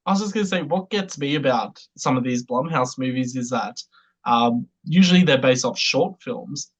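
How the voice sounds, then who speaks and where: Podcast co-host, mid pitch, lively blunt storytelling, casual chat. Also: normal speed, breathy edge, poor audio. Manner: animated storytelling, laughs often, blunt.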